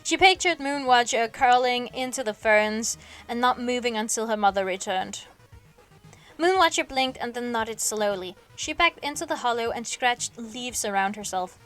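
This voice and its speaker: A woman with a high voice reads a novel aloud on a home stream. She sounds sleepy and yawns now and then, and she catches and corrects small slips as she goes. Soft music plays faintly under her voice. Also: normal speed. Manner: expressive reading with small slips and self-corrections. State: sleepy, yawning. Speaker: streamer reading a book aloud.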